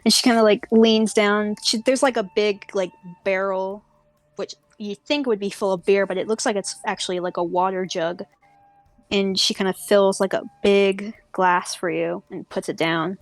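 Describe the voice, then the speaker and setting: A woman's voice: medium pitch, steady tone, normal speed, no echo, faint music behind. A young adult woman narrating a tabletop game as game master, casual and full of fillers.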